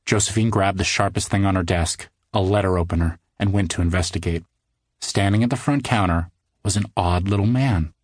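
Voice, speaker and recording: Low-voiced man narrating a kids' book. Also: no echo, clean studio sound. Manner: measured storytelling that slows for suspense. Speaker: audiobook narrator. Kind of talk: scripted narration of a children's book.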